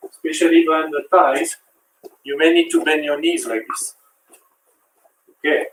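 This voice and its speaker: A man's voice: fairly high pitch, reverberant, distant mic, a little hiss or hum, low-quality recording. A man with a French accent, a fitness instructor who counts reps and coaches while he exercises. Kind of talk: live workout demonstration.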